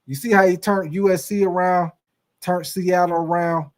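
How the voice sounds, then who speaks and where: A young man hosts a sports live stream, reading viewer comments aloud in an easygoing, drawling way. His voice sits a little higher than most men's. He talks loosely and casually, tossing in y'all and man. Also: steady tone, moderate pace. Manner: laid-back, drawling, addresses chat as y'all and man. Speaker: sports livestream host.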